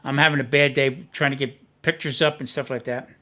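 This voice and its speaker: Older man, casual storyteller, animated, acts out shouting, talk show host. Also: mid-range voice, fairly quick. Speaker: podcast host.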